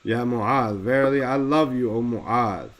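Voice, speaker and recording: A man leads a lesson on a religious text. He explains it word by word and slows down to stress each key term. His voice sits at an ordinary middle pitch. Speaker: teacher.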